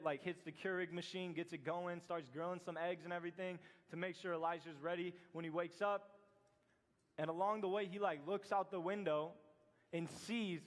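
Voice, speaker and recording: Man, youth pastor, high voice, casual storytelling sermon, long echo of a church hall. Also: fairly bright tone. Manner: chatty, filler-heavy retelling with acted quotes. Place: church sanctuary.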